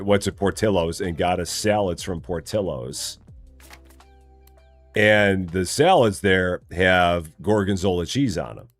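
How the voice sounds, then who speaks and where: A man's voice: sits low, dry recording. A man streaming a game live, chatting casually, reading chat aloud and joking in a rambling way.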